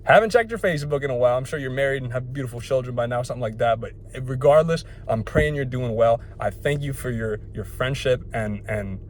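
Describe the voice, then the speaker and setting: A man's voice: mid-range voice, fast, few pauses, slight background noise. A young man talks straight to his phone camera at home in a loose, rambling way. He jokes at his own expense and wanders off on tangents. It is casual, unscripted vlog chatter. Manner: rambling, jokey, self-deprecating. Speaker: fitness vlogger.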